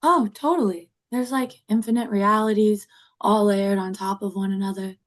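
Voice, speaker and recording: A woman's voice: medium pitch, steady tone, normal speed, natural voice. A woman playing a spacey bubbly young woman. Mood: dreamy. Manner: airy, full of "like" and "totally". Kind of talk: improvised tabletop role-play.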